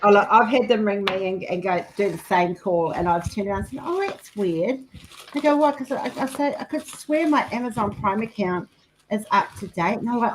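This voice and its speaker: A woman's voice: mid-range voice, moderate pace, slight background noise, rough recording. A woman, chatting casually and telling funny stories with frequent laughter. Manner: chatty storyteller, laughs often. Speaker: host. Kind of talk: casual chat while doing craft work.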